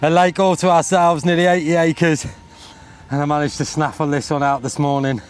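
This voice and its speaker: A man from England chatting excitedly at a lakeside, laughing and cheering in sing-song bursts. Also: a little high, normal speed, a little hiss or hum. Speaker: angler, show regular. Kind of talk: excited casual chat on camera. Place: outdoors at a lakeside. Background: music.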